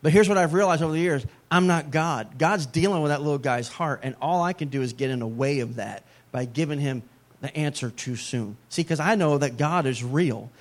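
Middle-aged male pastor, a touch higher pitched, chatty sermon delivery with playful asides. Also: fairly quick. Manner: conversational preaching with joking asides.

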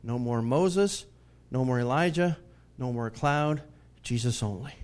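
At a measured pace, a male preacher gives a chatty sermon that alternates between big, booming moments and hushed side remarks. He often chuckles and asks his listeners things directly.

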